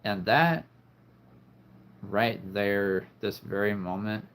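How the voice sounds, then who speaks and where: A man's voice: fairly low pitch, animated, takes it slowly, fairly bright tone. Earnest man hosting a livestream. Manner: earnest, heartfelt, reflective. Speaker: livestream host. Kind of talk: live chat with viewers.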